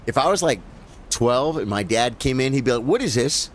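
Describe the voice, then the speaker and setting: A man's voice: mid-range voice, brisk, slight background noise. A man giving casual live commentary as he plays a video game, talking to his viewers as bro and folks. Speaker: gaming streamer.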